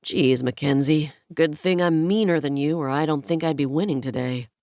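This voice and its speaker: Teasing wealthy charmer, smug, lowered voice, dry close sound, a woman doing him. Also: moderate pace, a little mellow, no echo.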